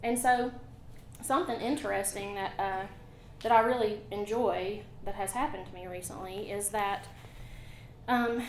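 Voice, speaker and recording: A woman with an Appalachian accent, a folk ballad singer singing and chatting with a live audience in a chatty, storytelling way. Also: medium pitch. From Appalachian North Carolina. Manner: chatty, friendly storyteller with quick asides. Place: museum concert hall. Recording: echoey hall with faint room noise.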